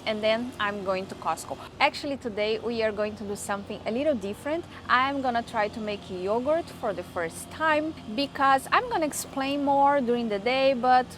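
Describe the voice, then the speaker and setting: Chatty upbeat woman, high voice. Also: moderate pace, few pauses, fairly bright tone, poor audio. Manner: chatty and upbeat, with many restarts. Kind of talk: casual vlog chat. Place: home balcony, outdoors.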